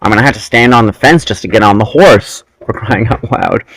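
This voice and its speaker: A man's voice: lowish voice, fairly quick, no room sound, low-quality recording. A man hosting a casual podcast chat, telling rambling stories about his childhood. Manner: animated, rambling storyteller. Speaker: podcast host.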